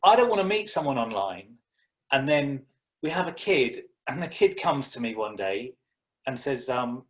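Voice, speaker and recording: A man's voice: mid-range voice, very animated, normal speed. A young British man doing stand-up comedy, telling a dry, self-mocking story. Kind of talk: stand-up set on a video call.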